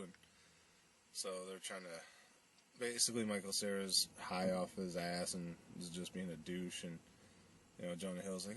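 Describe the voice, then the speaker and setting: A man with a very low voice retells a movie in a loose, rambling way, full of fillers as he acts out what the characters say. He sits a little back from the mic, and a faint hiss runs under his talk. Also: level tone, moderate pace, bright, forceful tone, distant mic. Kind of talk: casual movie recap.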